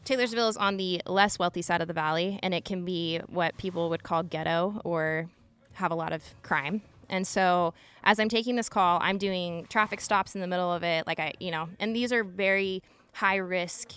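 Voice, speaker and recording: This thirty-something woman from Utah, once an emergency dispatcher, appears as a podcast guest and earnestly recounts a tense story, leaning often on "like." Her voice sits fairly low with fairly even intonation and a normal speed. The tone is fairly bright, clear and resonant.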